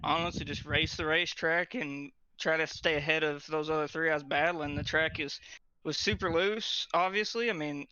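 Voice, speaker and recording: A young man, out of breath and excited, being interviewed right after winning a sim race championship. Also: on the high side, normal speed, smooth, dry recording. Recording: dry, dull lo-fi mic.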